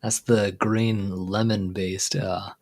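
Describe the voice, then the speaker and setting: A man's voice: lowish voice, flat delivery, takes it slowly, a little mellow. Laid-back man hosting a chatty livestream. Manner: rambling, stop-start, often trailing off into fillers; laid-back, joking, chuckles often. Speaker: livestream host. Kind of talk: casual chat on a livestream.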